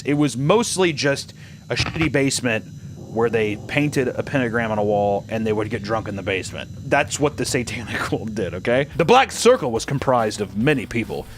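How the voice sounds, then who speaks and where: A man's voice: mid-range voice, expressive, normal speed, noisy background. A man hosting, telling a story casually in a sarcastic, joking way and swearing freely. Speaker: host.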